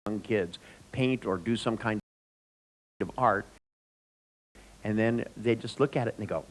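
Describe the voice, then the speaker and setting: A man telling an anecdote in a chatty, animated way with frequent restarts. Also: on the low side, measured pace, rough recording. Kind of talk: anecdotal storytelling talk.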